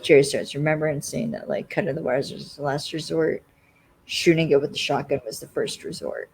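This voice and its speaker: A podcast co-host casually recapping a TV episode, rambling and filling every pause with "like.". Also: mid-range voice, steady tone, gravelly, a little hiss or hum, poor audio. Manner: rambling, constantly says "like".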